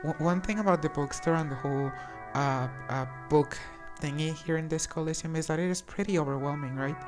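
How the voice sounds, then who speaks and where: A woman talks casually while playing a game, low in pitch. She is chatty and hesitant, often restarting her sentences. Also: brisk, music in the background. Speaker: streamer. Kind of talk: casual gameplay commentary.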